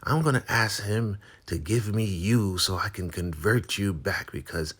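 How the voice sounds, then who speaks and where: A man putting on a shrill, scornful elder woman. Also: measured pace, fairly bright tone, husky. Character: haughty older woman cult elder, defiant.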